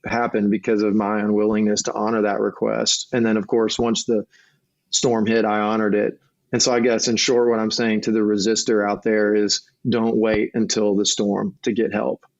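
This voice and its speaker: Middle-aged guy, earnest, keeps restarting, low flat voice, dull lo-fi sound, dry. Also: normal speed, no echo. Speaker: marriage coach, guest. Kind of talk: casual conversation. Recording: dull lo-fi recording.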